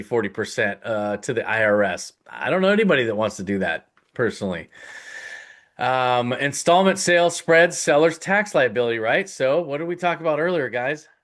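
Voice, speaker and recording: A man's voice: medium pitch, a bit bright. A man hosting and teaching a live webinar in a casual, conversational way. He gives emphatic, direct advice and keeps checking in with his listeners. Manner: casual, conversational, with frequent "right?" check-ins. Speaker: host teaching real estate investing.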